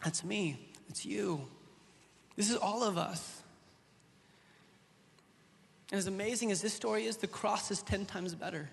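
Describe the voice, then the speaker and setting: A male pastor in his thirties delivers an impassioned sermon in a high voice. He swings from loud, soaring lines to soft, close ones and tells stories casually. The sound rings with the long reverb of a large hall. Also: measured pace, gravelly, pauses often, a little hiss or hum. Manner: impassioned preaching, rises loud then drops soft. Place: church hall.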